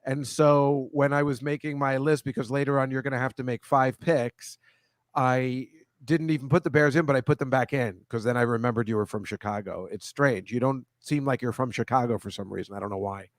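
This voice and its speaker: A man hosting a loose comedy chat, his voice sitting at an everyday middle pitch. He rambles and backtracks, stumbling over names and restarting sentences. The sound is dry and close, with no room echo. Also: fairly even intonation, a little fast. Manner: rambling, self-correcting, chatty. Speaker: host. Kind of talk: casual video-call chat.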